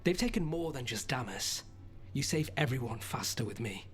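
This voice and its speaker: An actor playing a guarded, streetwise gang informant in a video game, talking bluntly and matter-of-fact. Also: male voice, medium pitch, expressive, moderate pace, a bit bright, soft background music, close to an everyday voice.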